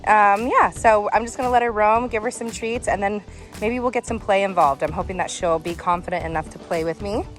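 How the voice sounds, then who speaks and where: A woman's voice: a little fast, soft background music. A chatty young woman vlogging on a walk. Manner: chatty, shifting into high sing-song praise for the dog. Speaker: dog trainer. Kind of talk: casual vlog narration. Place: outdoors on a quiet street and bike path. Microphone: phone held in hand while walking.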